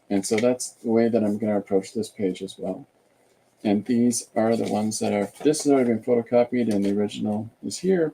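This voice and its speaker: Gravelly, dark-voiced older man rambling. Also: fairly low pitch, slight background noise. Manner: rambling, hesitant, full of filler sounds. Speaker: podcast host. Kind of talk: casual livestream chat.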